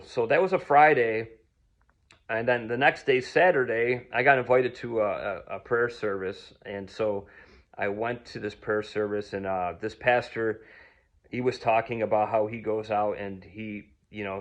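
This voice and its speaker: A man from telling a personal story in a casual, rambling way, full of ums and restarts. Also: fairly low pitch. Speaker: vlogger.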